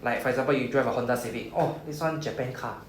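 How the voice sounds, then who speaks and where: A fast-talking, medium-pitched man with a Singaporean English accent gives a beginner Japanese lesson in a classroom, explaining patiently and checking in often with "okay?" and "right?" The recording is echoey, with faint noise behind him.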